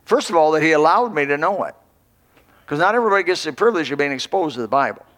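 Older male pastor, folksy rambling sermon, slightly high voice, long hall echo. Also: animated, quick pace, fairly bright tone. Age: 60s. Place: church.

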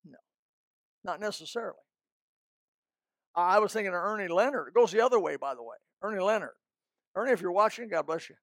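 Folksy older preacher with a gravelly voice. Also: male voice, high-pitched, lively intonation, brisk, pauses often, a bit bright, no room sound, studio quality. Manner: folksy, emphatic, sings snatches of hymns. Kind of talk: sermon.

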